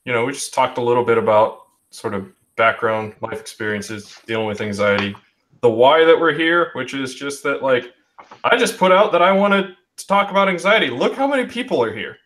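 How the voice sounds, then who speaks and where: A man's voice: mid-range voice, lively intonation, fairly quick, a bit bright. Reflective man hosting a video-call chat. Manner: reflective, talks in restarts with um and you know. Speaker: host of an online group chat. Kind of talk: casual discussion.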